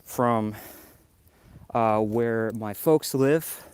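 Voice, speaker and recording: A man's voice: lowish voice, very slow, a little mellow, clean tone. A man from New York hosting a casual live vlog outdoors in the snow, chatty and a little out of breath as he walks. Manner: rambling, chatty, talks to viewers. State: slightly out of breath. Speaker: livestream host.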